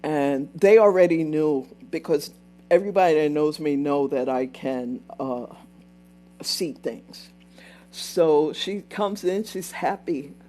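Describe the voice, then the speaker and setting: Older woman, livestream host, chatty storytelling, slow pace, faint hum. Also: deep voice, warm tone. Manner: chatty, repeats herself and breaks off to thank and answer viewers.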